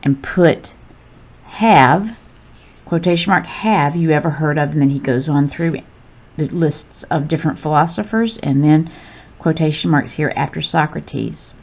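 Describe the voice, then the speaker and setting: A woman's voice: deep voice, measured pace, gravelly, a little mellow, slightly rough, dull audio. A woman teacher patiently walking through a recorded grammar lesson step by step.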